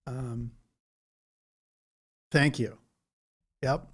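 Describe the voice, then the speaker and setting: A man's voice: medium pitch, animated, normal speed, vocal fry, dark tone. A man hosting a casual livestream, chatting loosely and reading out viewer comments. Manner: rambling, chatty, reads chat comments aloud. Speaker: livestream host.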